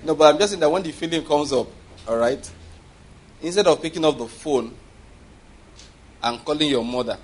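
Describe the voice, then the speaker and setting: Husky-voiced male preacher. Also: on the high side, normal speed, long pauses. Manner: animated preaching with call-and-response checks and acted-out voices. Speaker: pastor. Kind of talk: sermon.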